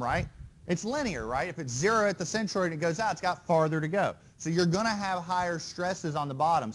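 Man lecturing, checking in with students. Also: on the high side. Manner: conversational, quizzes students with frequent "right?" and "okay?". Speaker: engineering lecturer. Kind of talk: university lecture. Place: lecture hall.

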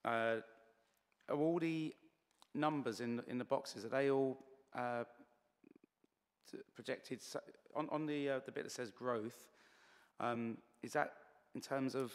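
A man's voice: mid-range voice, steady tone, unhurried, pauses often, smooth, big-room sound. A man questioning as a councillor at a committee meeting, hesitant and slightly losing his voice. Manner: hesitant, many fillers and restarts.

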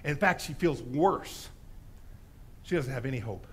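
A man preaching a sermon in a church, telling a story with lively animation and acting out the voices in it. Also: medium pitch, measured pace, slight background noise. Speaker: pastor.

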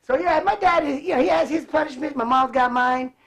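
A man from Cleveland who grew up in California, a guest telling animated stories with frequent laughter. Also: extremely high pitch, a little fast, vocal fry. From Cleveland, raised in California. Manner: animated, laughs often, acts out voices. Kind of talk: casual storytelling.

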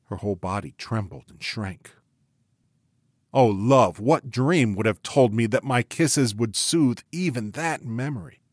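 A man reading a story aloud as its narrator, in a measured, earnest way. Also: mid-range voice, no echo, studio quality. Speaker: audiobook narrator. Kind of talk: scripted narration.

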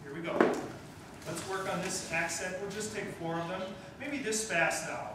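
Male band conductor, high voice, coaching tone, distant and echoey with room noise. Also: moderate pace. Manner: coaching, encouraging, sings note syllables. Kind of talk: band rehearsal instruction. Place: school band rehearsal room. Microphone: distant room mic. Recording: echoey room from far off, noisy.

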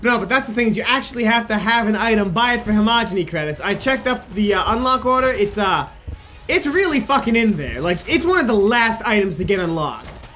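A man commentating his own gameplay, frustrated and swearing, with sudden yelling outbursts. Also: high voice, lively intonation, a little fast. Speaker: gaming video creator. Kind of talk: casual let's play commentary. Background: game music.

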